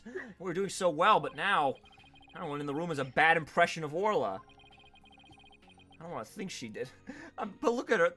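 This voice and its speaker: A man's voice: on the high side, normal speed, pauses often, faint music behind. A man hosting a casual let's-play, reading the characters aloud with jokes, swearing and laughter. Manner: animated, jokey, swears and laughs often. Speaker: host voicing game characters.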